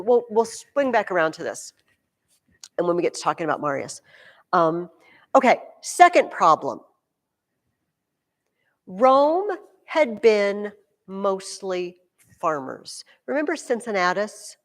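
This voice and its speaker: A woman teaching a junior high history class, telling stories in an animated way with playful asides. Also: big-room sound. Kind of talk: classroom lecture.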